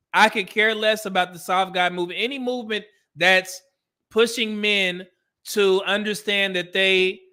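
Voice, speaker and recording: High bright-voiced man ranting on a stream. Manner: blunt, exasperated, addresses viewers as brother. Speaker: host reacting to a video. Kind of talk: casual livestream commentary.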